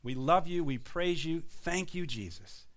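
A man's voice: a little high, animated, unhurried, fairly bright tone. Man praying fervently before his church. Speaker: pastor. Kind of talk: closing prayer and announcements. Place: church hall.

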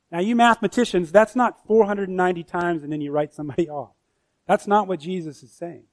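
A man's voice: high-pitched, fairly quick, no echo. A man preaching a sermon as pastor, emphatic and full of rhetorical questions.

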